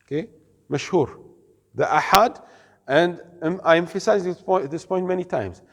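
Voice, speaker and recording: A man's voice: high voice, a bit bright, long reverb tail. A man teaching an Islamic studies class, explaining carefully, quizzing his students and mixing in Arabic terms. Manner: explains slowly, asks the class questions, mixes in Arabic words. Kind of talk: classroom lecture.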